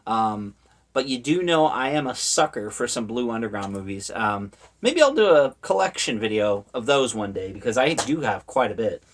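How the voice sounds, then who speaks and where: A man's voice: mid-range voice, big pitch swings, normal speed. A young adult man chatting casually in a collector vlog, rambling with many ums and uhs and sounding amused. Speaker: horror media collector vlogger. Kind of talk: casual haul video chat.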